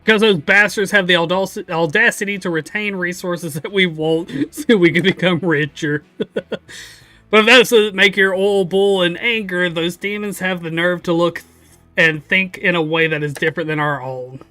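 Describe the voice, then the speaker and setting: Guy putting on a loud mean helicopter drill sergeant, high-ish voice, dry close sound, game bit. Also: fairly even intonation, moderate pace, dry recording, soft background music. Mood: smug ranting. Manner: barking, contemptuous, self-important. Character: gruff male combat helicopter drill instructor.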